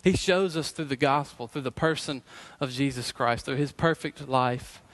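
A middle-aged man preaching a sermon as pastor, earnest and emphatic, slowing down to repeat key phrases. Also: medium pitch, fairly bright tone.

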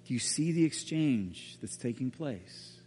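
A man preaching a sermon as a pastor, telling the story dramatically and often dropping to a hushed voice. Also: medium pitch, lively intonation, a little slow, husky. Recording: reverberant hall.

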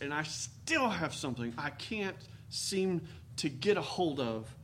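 A man's voice: a little high, sing-song, measured pace, fairly bright tone. A man preaching a sermon in a folksy, storytelling manner with dramatic emphasis. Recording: faint background noise.

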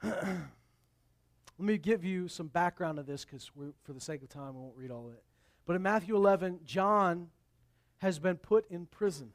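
High-voiced preacher with big dynamic swings. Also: male voice, lively intonation, normal speed, long pauses. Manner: wide swings in loudness, booming when quoting scripture, dropping low for asides. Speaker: pastor. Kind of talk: sermon.

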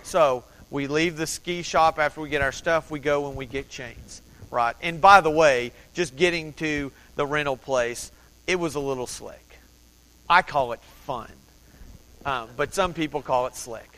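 Bright-voiced man preaching in a reverberant hall. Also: fairly high pitch, unhurried. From Texas. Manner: animated, building excitement, conversational asides. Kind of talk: storytelling sermon.

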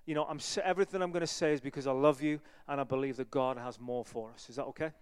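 A man's voice: mid-range voice, steady tone, quick pace, clear, resonant tone, big-room sound. A man preaching a sermon as an evangelist, conversational and earnest, with many fillers. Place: church.

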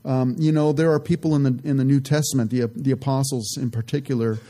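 Mellow-voiced man teaching scripture. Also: medium pitch. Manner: earnest, relaxed, many "you know" asides; reads scripture aloud slowly and deliberately. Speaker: Bible teacher. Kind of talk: conversational Bible teaching.

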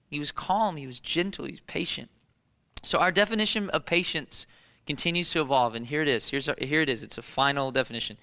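A man's voice: mid-range voice, sharp tone, big-room sound. A man in his thirties preaching a sermon as pastor, emphatic, repeating key phrases and asking rhetorical questions.

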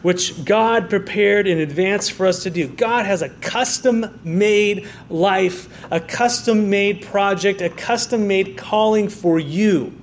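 A man's voice: high-pitched, takes it slowly, hardly any pauses, a little hiss or hum. A man preaching a sermon as pastor, with an American accent, earnest and full of rhetorical questions and restarts. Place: church sanctuary.

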